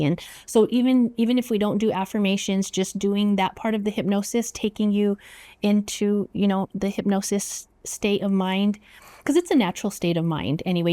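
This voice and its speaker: A woman hypnotherapist explaining her work in a casual interview, chatty and quick to affirm with "yes". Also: mid-range voice, mellow, dry recording. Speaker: clinical hypnotherapist.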